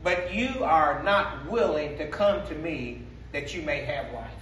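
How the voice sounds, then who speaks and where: A man preaching as pastor in a church sanctuary, in call-and-response style with a Black speech pattern, sometimes rising to shouts. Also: on the high side, lively intonation, unhurried, a little hiss or hum. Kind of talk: sermon. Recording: echoey sanctuary from a distance.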